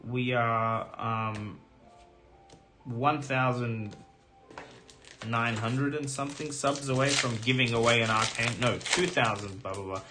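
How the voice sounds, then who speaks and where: Chatty man, a bit hoarse, music behind. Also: mid-range voice, unhurried. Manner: chatty, filler-heavy, excited about pulls. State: slightly hoarse. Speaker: streamer opening trading card packs. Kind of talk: casual live-stream chat.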